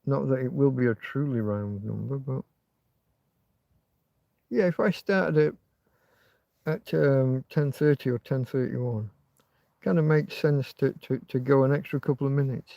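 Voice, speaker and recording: A man's voice: mid-range voice, a little slow, vocal fry, long pauses, dark tone, dry recording. A man hosting a casual livestream from inside a tent, rambling and swearing freely. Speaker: livestream host.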